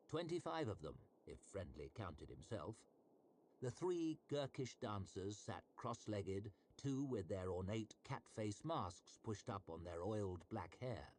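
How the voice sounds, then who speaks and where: Lively-voiced man reading fantasy. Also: lowish voice, a little hiss or hum. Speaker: narrator. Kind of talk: audiobook-style fantasy narration.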